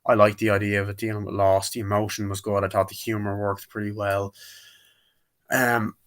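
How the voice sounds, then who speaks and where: This man's movie review is casual and rambling, full of retold scenes and quotes acted out in put-on voices. He has a fairly low voice, a flat delivery and a moderate pace.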